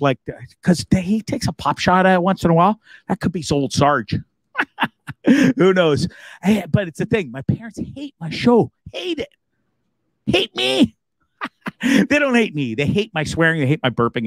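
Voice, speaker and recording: Lively jokey man host. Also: mid-range voice, no room sound. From Canada, Hamilton region. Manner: jokey, animated, swears freely, laughs often. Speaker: live-stream host. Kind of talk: casual live-stream chat.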